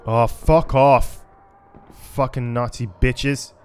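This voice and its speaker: Guy doing let's play commentary, cursing at the game a lot, rambly, mid-pitched voice, bit of game music underneath. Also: fairly even intonation, slow, darkish tone. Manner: frustrated, swearing, raging at the game; rambling, chatty asides. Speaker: gaming YouTuber.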